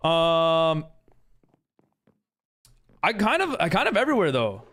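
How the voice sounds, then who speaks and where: A man's voice: fairly high pitch, huge pitch swings, unhurried, a bit bright. A man streaming a game live, chatting casually with viewers and reading chat aloud in a rambling way full of fillers.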